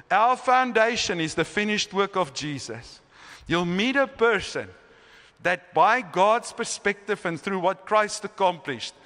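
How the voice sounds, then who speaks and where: A man with a high, bright voice preaches a sermon on healing with earnest emphasis and frequent restarts. The sound rings with the long reverb of a church hall. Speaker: healing school teacher. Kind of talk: sermon teaching. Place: church sanctuary.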